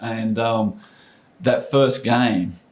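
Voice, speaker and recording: A middle-aged man, a former basketball player, telling stories as a podcast guest in an animated, casual way. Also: medium pitch, very slow. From Australia. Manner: animated storyteller, acts out quoted voices. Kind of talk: casual storytelling interview.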